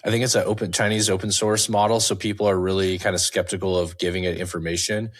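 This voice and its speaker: A man's voice: low-pitched, little pitch movement, fast. A man co-hosting a podcast, explaining things loosely in casual chat and hedging as he talks. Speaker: podcast co-host.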